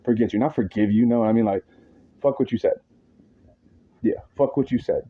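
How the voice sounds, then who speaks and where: A worked-up man rants to the camera in a long, rambling monologue, swearing freely and tossing in slang as he circles back over his point. His voice sits in an ordinary middle pitch. The audio is dull and a little lo-fi. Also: brisk, slightly rough. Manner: agitated, profane, rambling with slang asides.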